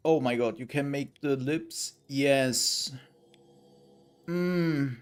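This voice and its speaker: A man's voice: mid-range voice, extremely slow, pauses often, smooth. A young man giving casual, playful let's-play commentary, rambling through jokey reactions as he plays. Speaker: gameplay streamer.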